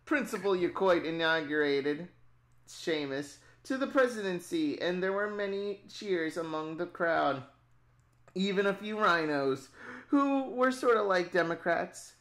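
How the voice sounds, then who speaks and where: A woman's voice: lowish voice, animated, unhurried. A woman telling a comedic improvised story on a stream, often breaking into giggles.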